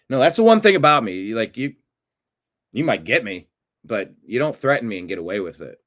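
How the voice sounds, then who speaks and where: A man hosting a profane political rant, swinging from low mutters to loud outbursts. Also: big pitch swings, normal speed, pauses often. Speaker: political commentary host.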